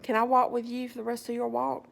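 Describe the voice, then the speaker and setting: A woman voicing an excitable, chatty stranger man who fires off eager questions. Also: extremely high pitch, fast, creaky, pitched above the performer's own voice, exaggerated voice.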